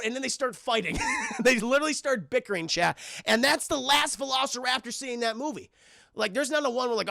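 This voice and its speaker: A young man talks through a film review for his chat, swearing and dropping into goofy voices for the characters. His voice sits high and bright with a gravelly edge of fry. It is recorded dry and close, with no room around it. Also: no room sound. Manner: animated, swearing, doing silly character voices.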